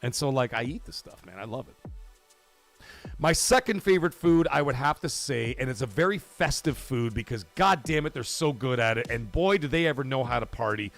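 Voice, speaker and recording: A middle-aged man hosting a livestream in casual chat, animated and swearing, loudly thanking donors. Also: mid-range voice, brisk, creaky, soft background music. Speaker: livestream host.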